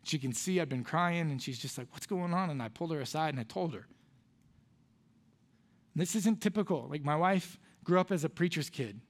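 A man, a pastor preaching a sermon in a church and telling a personal story in an earnest, conversational way that drops to soft, quiet lines. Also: a little high, lively intonation, normal speed. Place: church sanctuary.

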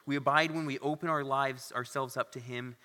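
A male pastor preaching a sermon in a church sanctuary, speaking in an earnest, conversational way and turning to the congregation with questions. His voice is bright and forceful, of middle pitch. The sound rings with long reverb from the hall. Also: steady tone, brisk.

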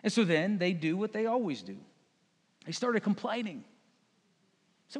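High-voiced preacher in a reverberant hall. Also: male voice, sing-song, husky. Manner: conversational preaching, voicing the crowd and Jesus in quick asides. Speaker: pastor. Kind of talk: sermon.

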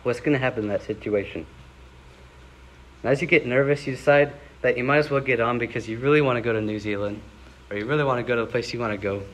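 A man's voice: mid-range voice, fast, dull audio. A young man giving a sermon in a casual, conversational way, rising into dramatic scripture readings. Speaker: preacher.

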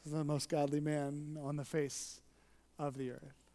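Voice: medium pitch, little pitch movement, normal speed. Earnest preacher in a reverberant hall. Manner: earnest, shifting between emphatic and hushed. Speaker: pastor. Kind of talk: sermon.

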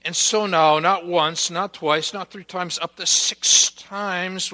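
A man preaching a sermon as pastor to his congregation, deliberate and emphatic, leaning hard on repeated key words. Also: a little high, bright, forceful tone, long reverb tail.

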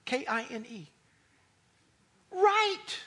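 A man preaching a sermon as a pastor, animated and emphatic, with a slightly husky voice. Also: high-pitched, moderate pace. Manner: animated preaching, rising to near shouts for emphasis.

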